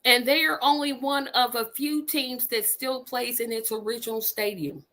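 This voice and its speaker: Woman in her fifties from Indiana, podcast host; bright, lively, emphatic chat that loops back on itself. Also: fairly high pitch, moderate pace. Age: 50s. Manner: animated, emphatic, repeats words for effect. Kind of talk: casual chat.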